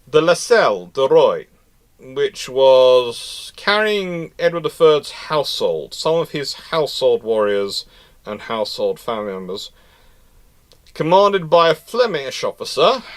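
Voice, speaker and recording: A man presenting naval history in an enthusiastic, animated, informal lecture. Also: medium pitch. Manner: enthusiastic, animated storytelling with frequent restarts.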